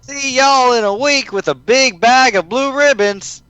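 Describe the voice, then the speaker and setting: A man's voice: very high-pitched, measured pace, bright, forceful tone, smooth, pitched above the performer's own voice, exaggerated voice. A man voicing a folksy female cartoon pony with a put-on American Southern drawl. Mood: cheerful.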